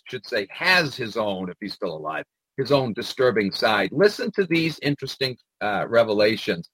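Husky-voiced man ranting indignantly. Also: medium pitch, a bit bright, dry recording, rough recording. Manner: indignant, profane, with frequent filler "uh". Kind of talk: ranting monologue commentary.

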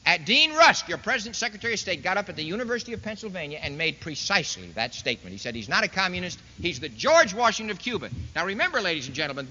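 Lively high-voiced man orating. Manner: folksy, sarcastic, rhetorical questions. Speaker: speaker addressing an audience. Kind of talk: political speech. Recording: dull lo-fi recording in a reverberant hall.

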